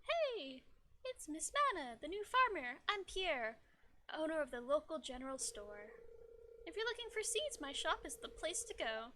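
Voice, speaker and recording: A woman's voice: high voice, sing-song, normal speed, sharp tone, a little hiss or hum, heavily acted. Woman doing an eager young shopkeeper man. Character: cheery young male shopkeeper.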